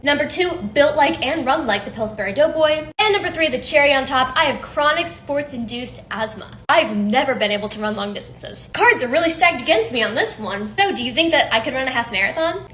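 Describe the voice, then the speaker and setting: A woman's voice: high voice, lively intonation, a little fast, few pauses, a bit bright, slight background noise. A woman giving upbeat, encouraging career tips straight to camera in a punchy, casual way. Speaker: career advice creator.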